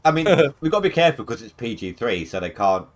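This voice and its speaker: A man in casual gaming chat, explaining game tips in a hesitant way with many pauses and fillers. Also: mid-range voice, very animated. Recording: faint music behind.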